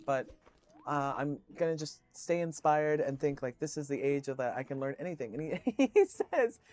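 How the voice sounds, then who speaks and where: A man's voice: mid-range voice, steady tone, normal speed, darkish tone. A man streaming, chatting casually with viewers, telling rambling stories full of swearing and fillers.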